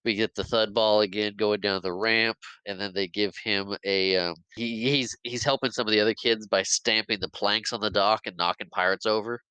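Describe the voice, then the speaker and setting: Bright-voiced man recapping a movie. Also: fairly low pitch, fairly even intonation, moderate pace, hardly any pauses, clear, resonant tone, no room sound, low-quality recording. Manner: rambling play-by-play retelling, acts out quotes, laughs often. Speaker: podcast host.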